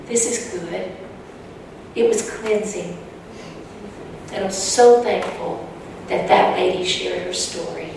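Woman with a gravelly voice in an echoey hall. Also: fairly low pitch, huge pitch swings, slow, darkish tone. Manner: earnest, emotional storytelling. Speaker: speaker sharing personal testimony. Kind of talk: personal testimony talk to an audience. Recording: echoey hall from far off, faint noise.

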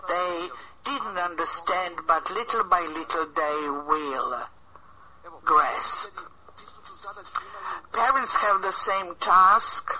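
High-voiced, bright-toned male preacher. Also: rough recording. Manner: earnest and exhorting, with frequent hesitations. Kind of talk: sermon.

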